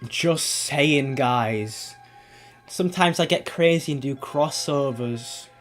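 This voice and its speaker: A man's voice: on the high side, slow pace, a bit bright, faint music behind. Rambling man streaming a game. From England. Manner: rambling, swears casually, trails off and restarts. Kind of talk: casual gaming stream chat.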